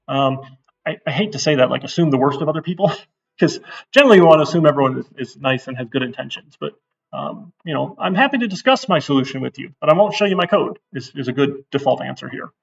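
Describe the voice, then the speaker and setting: A man's voice: on the high side, gravelly, breathy edge, far from the mic, muffled recording. A middle-aged man giving a casual, blunt course intro lecture to a class, getting worked up as he talks. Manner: blunt, chatty, gets worked up. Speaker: university instructor.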